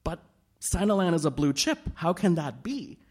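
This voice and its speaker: A man's voice: fairly high pitch, very animated, moderate pace, darkish tone, husky, pitched above the performer's own voice. A man voicing an insistent, argumentative middle-aged society woman.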